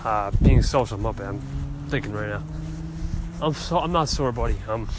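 A man's voice: medium pitch, normal speed. A man hosting a call-in chat, answering callers in a rambling, encouraging way. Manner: laid-back, rambling, encouraging. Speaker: host. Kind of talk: casual call-in reply. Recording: noisy background.

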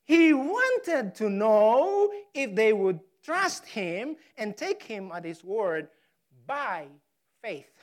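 A woman preaching a sermon, stressing key words hard and pausing for effect. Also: sits high. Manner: emphatic, dramatic pauses on key words; slow, deliberate delivery. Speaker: pastor.

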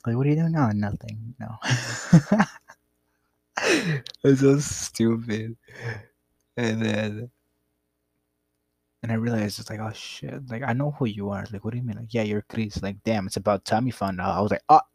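A young man with a low, gravelly voice that has a husky edge rambles through a personal story in a laid-back, profane way. The sound is dry and close, with no room around it. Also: fairly even intonation, measured pace, pauses often, dry recording. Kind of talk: casual storytelling.

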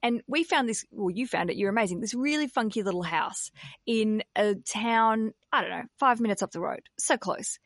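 A woman's voice: on the high side, normal speed, no room sound, clean studio sound. A woman hosting a podcast, chatting casually, laughing often and swearing freely. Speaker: podcast host.

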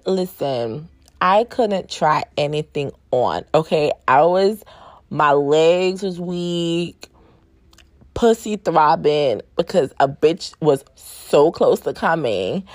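A woman's voice: low voice, lively intonation, takes it slowly, no echo, clean studio sound. Frank, laughing woman podcast host. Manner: frank and profane, laughs often, says "right?" and "y'all". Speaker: podcast host and sex coach. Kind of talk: casual storytelling monologue.

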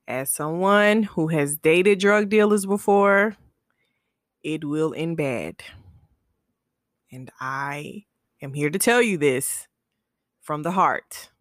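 A woman's voice: low-pitched, no echo, clean studio sound. A young woman hosting her own podcast, chatting playfully and then giving earnest, heartfelt advice. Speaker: podcast host. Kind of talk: casual storytelling talk.

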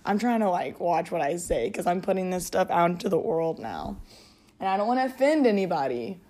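A woman's voice: on the low side, lively intonation, fairly quick, dark tone. A woman hosting a casual solo podcast, rambling and giggling, with lots of filler words. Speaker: podcast host.

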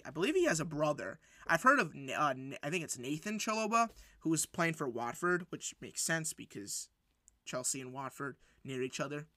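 A man hosting a solo sports podcast, recapping matches in an excitable, rambling way with lots of fillers and restarts. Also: on the high side, no echo, studio quality. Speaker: podcast host.

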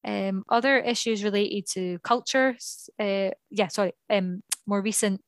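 A woman's voice: mid-range voice, unhurried, dry recording. Woman reading podcast notes, dry sound. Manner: reads from notes, with frequent apologies, ums and self-corrections. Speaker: podcast co-host. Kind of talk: reading prepared notes in casual podcast talk.

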